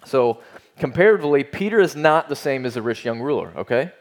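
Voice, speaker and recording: Man, pastor, sermon, earnest, emphatic, rhetorical questions, mid-pitched voice. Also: lively intonation, fairly quick.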